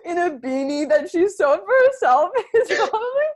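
A woman's voice: very high voice, very animated, normal speed, no echo. A young woman in her twenties hosting a casual podcast chat with friends, giggly and chatty with lots of filler words. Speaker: podcast host.

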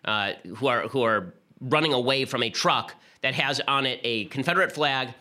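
A man hosting his own political podcast, talking rapidly and argumentatively through commentary and an ad read. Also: mid-range voice, pushed and bright. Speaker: podcast host.

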